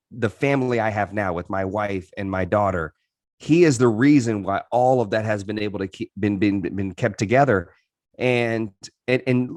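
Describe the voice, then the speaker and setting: A man's voice: lowish voice, no room sound, clean studio sound. A man in his thirties, a podcast guest, telling his life story in an earnest, reflective way with frequent restarts. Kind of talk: candid interview storytelling.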